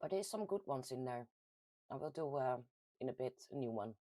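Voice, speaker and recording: Hosting a relaxed livestream for a paranormal community, a woman from the Netherlands with a Dutch accent reads out comments from viewers at normal speed. Her manner is chatty and giggly, full of laughs and ums, her pitch leaping suddenly and lively.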